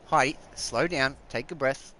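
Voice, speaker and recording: A man's voice: mid-range voice, a little slow, sharp tone, a little hiss or hum. Rambling man streaming a game. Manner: rambling, chatty, talks aside to family. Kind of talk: casual live-stream gaming chat. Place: home.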